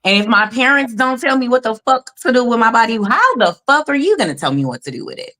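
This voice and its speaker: Sharp-toned and very animated, this fairly high-pitched woman talks at a quick pace. She's a mother in her thirties co-hosting a casual livestream over video call, speaking candidly, emphatically, and with heavy swearing.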